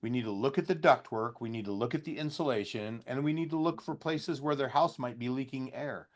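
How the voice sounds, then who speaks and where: A man's voice: mid-range voice, fairly quick. A man giving a loose, folksy training talk to contractors. He acts out bits of customer dialogue, and he has a slight cough. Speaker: trainer for heat pump contractors.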